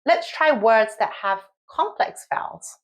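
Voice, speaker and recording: Slow, careful Korean-accented woman teacher. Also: fairly high pitch, animated. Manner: reads syllables aloud one by one in careful drill rhythm. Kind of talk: slow, clear beginner lesson with listen-and-repeat drills.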